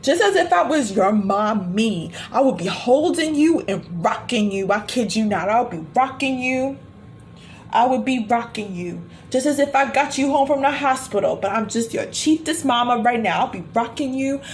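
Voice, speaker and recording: A woman's voice: fairly high pitch, expressive, normal speed, slight background noise. Soothing, reassuring woman healer. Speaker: spiritual healer. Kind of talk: live-streamed healing session.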